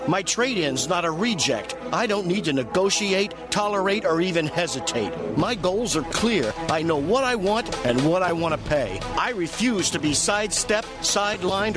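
A man reading a rhythmic scripted car commercial with confident delivery. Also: sits high. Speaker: ad voice-over.

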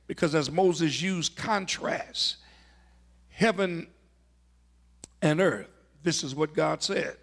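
Gravelly, high-pitched preacher delivering a sermon. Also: male voice. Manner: emphatic, rising to shouts on key words; slows for emphasis, drops to near-whispers. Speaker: pastor.

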